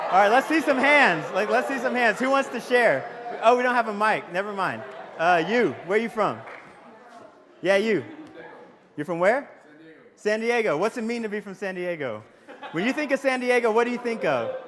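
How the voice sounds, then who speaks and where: Man, relaxed storyteller, talks to the crowd, reverb from a big hall. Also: sits high. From Waco, Texas. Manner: casual, storytelling, jokey, questions the audience. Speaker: psychology professor. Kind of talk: convocation talk to students. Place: large hall with audience.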